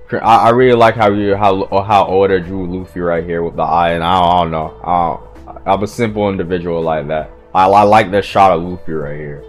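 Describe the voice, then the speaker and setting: Excitable, profane man reacting to manga. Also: sits low, brisk, faint music behind. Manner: excitable, profane, stammering restarts and loud outbursts. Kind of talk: casual reaction commentary.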